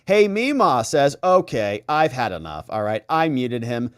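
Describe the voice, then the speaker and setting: A man's voice: fairly low pitch, sing-song, moderate pace, smooth, no echo, clean studio sound. A man hosting a live stream, chatting casually and reading viewer comments aloud with sarcastic asides.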